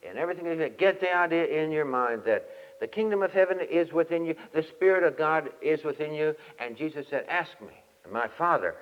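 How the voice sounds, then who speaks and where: Man preaching in a dull echoing hall. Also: fairly high pitch. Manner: lively storyteller, exhorting. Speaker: camp meeting speaker. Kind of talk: folksy sermon with humorous anecdote. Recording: dull lo-fi 1967 tape, long hall reverb.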